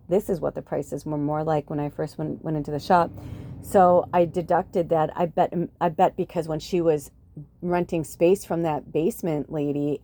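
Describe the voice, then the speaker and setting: A woman's voice: low-pitched, warm tone. A middle-aged woman hosting a podcast, chatting casually, swearing freely and acting out what people said. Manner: chatty, swears often, acts out quotes. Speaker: podcast host. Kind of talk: casual chat.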